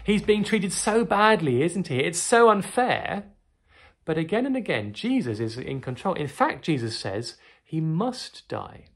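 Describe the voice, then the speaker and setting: Kids bible teacher, reads the story and keeps asking "didn't he?", voice swings up and down a lot, a bit husky. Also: mid-range voice, unhurried. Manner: animated, asks children tag questions. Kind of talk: storytelling Bible lesson for children.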